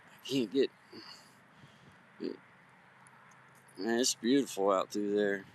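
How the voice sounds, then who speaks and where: Speaking extremely slowly in a fairly low voice, this livestream host from Virginia chats casually with viewers from a hiking trail at sunset. He holds his phone outdoors, greets people by name in a friendly, folksy way, and there's slight background noise.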